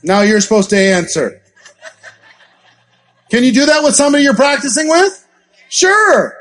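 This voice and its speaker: A man giving a live sales training talk, acting out sample scripts in an animated, coaching manner. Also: extremely high pitch, moderate pace. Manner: animated, acts out scripts and gasps for effect. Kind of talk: live training talk with role-play examples.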